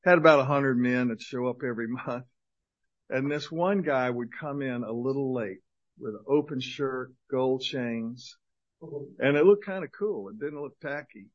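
A man's voice: medium pitch, normal speed. Joking older man, dull recording. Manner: energetic, joking, rambling with many fillers. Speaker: guest speaker and minister to men. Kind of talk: humorous talk to a men's group. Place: church gathering of men.

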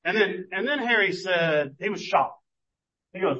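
A man preaches in an easygoing, storytelling way and often doubles back to restart a thought. His voice sits a little high and sounds husky. The recording is muffled and lo-fi. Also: a little fast, a bit bright. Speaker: pastor. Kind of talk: sermon.

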